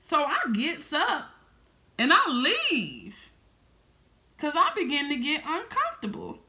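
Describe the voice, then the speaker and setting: A woman in her thirties telling a story straight to her viewers, animated and heavy on profanity. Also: sits high, takes it slowly. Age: 30s. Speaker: vlogger.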